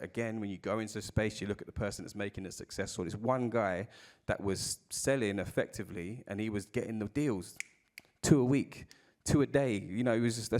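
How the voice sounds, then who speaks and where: A man from South London with a South London accent, telling candid stories with casual swearing as a speaker on a live panel. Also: on the low side.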